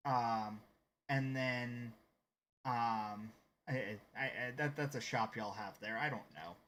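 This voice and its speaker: An American man with a slight Southern accent chats on a live stream. He talks slowly and rambles in a hesitant way. Faint noise sits behind his voice. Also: mid-range voice, a bit bright. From United States. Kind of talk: casual live-stream chat.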